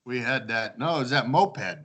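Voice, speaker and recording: A man telling old house-party stories in a casual chat, animated, acting out quoted lines and laughing often. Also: mid-range voice, brisk, a little hiss or hum. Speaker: storyteller among old housemates.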